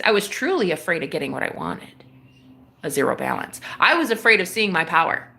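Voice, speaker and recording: A woman with a bright, forward voice tells a story on her livestream. She talks casually and with lots of energy, and she acts out the people on the phone in quoted voices. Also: mid-range voice, sing-song, moderate pace, vocal fry. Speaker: livestream host.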